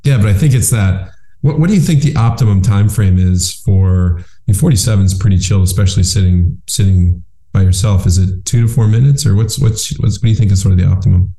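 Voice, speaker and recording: Male podcast host, low dark voice, rambling and stammery restarts, echoey room. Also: a little fast, hardly any pauses. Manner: rambling, repeats words when starting sentences. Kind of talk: conversational interview. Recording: roomy echo.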